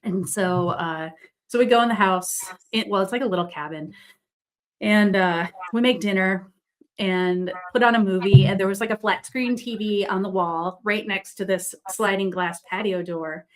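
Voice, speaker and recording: Guest woman, excitable, rambling anecdote, mid-range voice. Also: medium pitch, moderate pace. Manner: rambling, full of fillers and "like". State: buzzing with excitement. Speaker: psychic medium guest. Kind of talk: casual storytelling.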